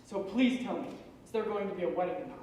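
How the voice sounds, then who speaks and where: An actress playing a flustered elderly hostess with a weak heart, fussy and theatrical, on stage in a musical. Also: female voice, medium pitch, fast, dark tone, slight background noise, close to an everyday voice. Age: older. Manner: fussy and theatrical, swooping exclamations. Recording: echoey theatre stage, mics far off.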